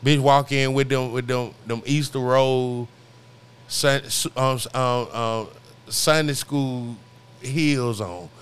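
A man's voice: mid-range voice, takes it slowly, clean tone. Stammering, laid-back male podcast host. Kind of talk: casual podcast chat.

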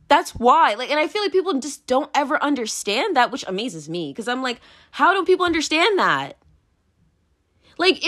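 A woman talking casually on her own, blunt and profane, laughing often and repeating herself as she moves between points. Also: fairly high pitch. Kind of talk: casual solo commentary.

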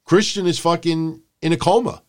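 A man co-hosting a wrestling podcast, recapping the show in casual, profane chat and shouting out quotes in a high voice. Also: moderate pace. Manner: animated, profane, mimics people in loud high shouts. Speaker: podcast co-host.

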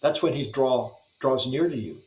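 A man's voice: medium pitch, normal speed. Earnest man teaching, roomy echo. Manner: earnest, flowing, repeats words as he restarts phrases. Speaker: guest Bible translator. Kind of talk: devotional teaching in a podcast interview.

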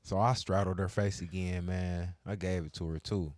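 A low-pitched man, recorded close and dry with no room sound. He tells crude stories in casual chat, profane and animated, acting out both sides of each exchange. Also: moderate pace, no echo. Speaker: podcast co-host telling stories.

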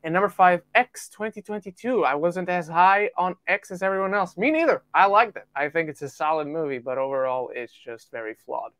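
A man from the UK hosting a casual podcast, reading out listener rankings with quick jokey asides. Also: sits high, expressive, fairly bright tone, no room sound. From United Kingdom. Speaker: podcast host.

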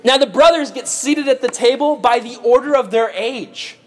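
Brief: young male Bible teacher, high voice, goofy and animated, casual comic lesson. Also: normal speed. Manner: goofy, joking, animated retelling.

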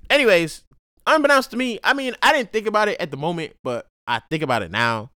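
Young man, podcast host, slangy, profane, lively pitch, dry close sound. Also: fast, smooth, dry recording. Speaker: podcast host and college student. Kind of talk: casual storytelling monologue.

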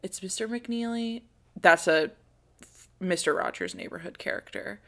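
A woman's voice: medium pitch, gravelly, sharp tone. A woman co-hosting a podcast, retelling a TV episode in casual chat and quoting the characters' lines as she goes. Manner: plot-summarizing, acting out characters' lines in quick quotes. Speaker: podcast co-host. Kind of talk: casual chat recapping a TV show.

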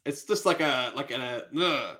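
A man's voice: medium pitch, measured pace, pushed and bright. A man co-hosting a casual fantasy football chat show, laughing and reacting to clips.

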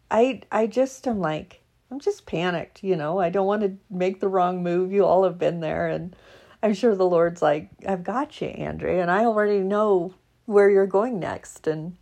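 A middle-aged woman chatting casually to her followers in a chatty, animated way, laughing often. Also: on the low side. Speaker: vlogger.

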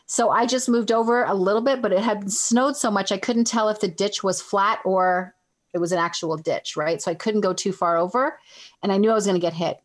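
A woman's voice: mid-range voice, fairly quick. A middle-aged woman from Canada casually telling a long personal story, rambling and correcting herself as she goes. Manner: rambling, self-correcting, animated.

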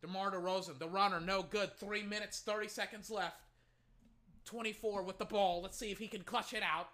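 A fan doing casual play-by-play commentary on his own microphone, excitable and quick to rant and swear at players and referees. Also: medium pitch.

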